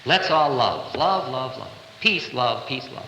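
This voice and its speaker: A man's voice: mid-range voice, animated, unhurried, pushed and bright, lo-fi sound, a little hiss or hum. A man in his thirties giving a playful, conversational spiritual lecture, recorded live in a large hall in 1970. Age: 30s. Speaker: spiritual teacher.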